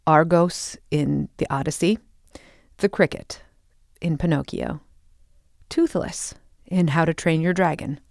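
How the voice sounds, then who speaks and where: A woman host reading scripted documentary narration in a measured, deliberate way. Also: lowish voice, a little mellow, no room sound, studio quality.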